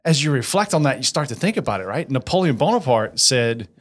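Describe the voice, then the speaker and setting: Energetic man in a casual interview. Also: mid-range voice, quick pace. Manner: energetic, asks for agreement with frequent "right?". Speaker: business implementer, guest.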